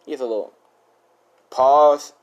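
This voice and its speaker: A man's voice: mid-range voice, very animated, normal speed, a little mellow, highs cut off. A man casually improvising a fan story, rambling, slangy and swearing, often correcting himself. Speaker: YouTuber storyteller.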